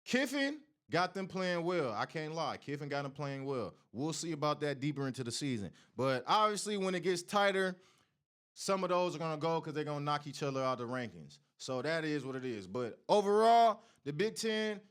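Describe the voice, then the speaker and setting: Man, sports show host, fiery profane rant, high voice, very animated. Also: moderate pace, clean tone. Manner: heated, profane trash talk; Oregon fan taunting rival fans. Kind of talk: college football commentary rant.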